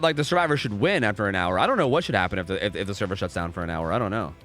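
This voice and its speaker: A man's voice: on the low side, animated, racing, a bit bright, faint music behind. A young man casually commentating a game live on stream, rambling, repeating himself and swearing freely.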